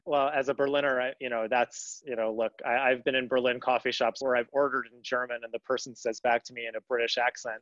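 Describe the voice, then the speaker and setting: A man's voice: medium pitch, flat delivery, fast, hardly any pauses, fairly bright tone, dry recording. Earnest man, dull dry audio. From United States. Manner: earnest, rambling with restarts. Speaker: guest. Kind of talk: conversational interview.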